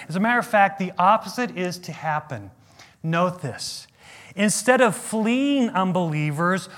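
A man's voice: high voice, fairly bright tone. A middle-aged male pastor preaching a sermon in an earnest, emphatic way, asking the listeners questions.

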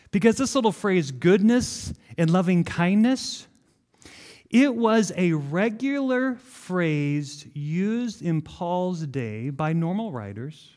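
A man preaching a sermon, asking the congregation questions and answering them himself, slowing down to stress key words. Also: high voice, a little mellow. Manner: asks the room questions, then answers them. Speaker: pastor.

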